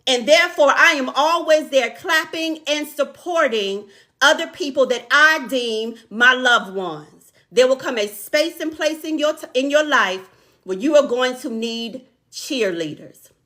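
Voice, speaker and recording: A woman's voice: high-pitched, animated, unhurried, bright, forceful tone. A middle-aged woman hosting a live online talk show, speaking, repeating lines for emphasis and calling out viewers by name.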